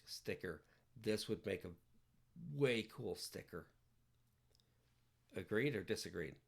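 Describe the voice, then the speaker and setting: A man with a low, gravelly voice talks unhurriedly while he works on digital art during a livestream. His chat is loose and playful, full of jokes and wordplay, and it drifts from one thought to the next. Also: animated, takes it slowly. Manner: playful, rambling, jokey wordplay.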